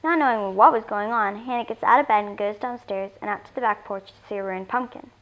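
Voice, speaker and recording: Expressive woman reading a kids' story. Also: mid-range voice, fairly quick, highs cut off. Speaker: story reader.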